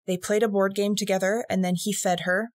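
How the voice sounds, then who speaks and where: A woman's voice: mid-range voice, little pitch movement, a little fast, no echo. A woman co-hosting a true-crime podcast, telling the case casually, acting out quotes and swearing. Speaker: podcast co-host.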